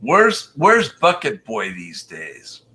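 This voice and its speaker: A man's voice: mid-range voice, wildly swooping pitch, slow, bright, forceful tone. A man hosting a casual live stream, chatting with callers and reading viewer comments aloud.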